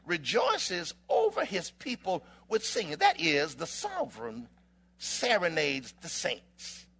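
Man, preacher, high and lively pitch, gravelly, impassioned shouting sermon. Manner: impassioned, rising to shouts with dramatic pauses; rhythmic alliterative phrasing.

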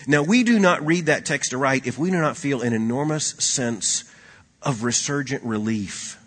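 Man, preacher, sermon, husky voice, long hall reverb, loud emphasis then hushed asides. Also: expressive, normal speed. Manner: swings between loud emphatic lines and hushed low asides.

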